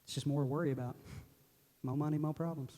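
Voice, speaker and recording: A man's voice: a little high, fairly even intonation, fast, dark tone. A man, preaching a sermon in a joking, self-deprecating way and laughing often. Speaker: pastor. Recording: long hall reverb.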